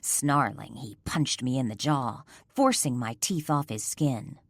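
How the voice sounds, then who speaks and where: A woman's voice: very deep voice, a little slow, no room sound, clean studio sound. A woman narrating a romance audiobook in the first person, reading in an intimate, emotional storytelling manner.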